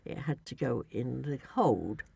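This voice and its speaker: A woman's voice: very deep voice, lively intonation, a little slow, vocal fry, dark tone, breathy edge, no echo. A woman in a casual chat, recounting her travels in a rambling way with many restarts.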